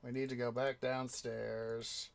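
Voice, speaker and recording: A man's voice: mid-range voice, flat delivery, takes it slowly, gravelly, a little hiss or hum. A young man hosting a gaming channel, chatting casually while he plays, rambling and hesitant with lots of fillers. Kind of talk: casual gameplay commentary.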